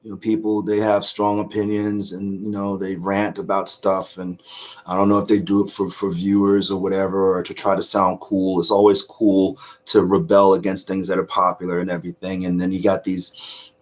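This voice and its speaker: A middle-aged man hosting a casual reaction video, choked up with emotion, talking earnestly in halting restarts. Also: low voice, completely flat delivery. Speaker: YouTube reaction host.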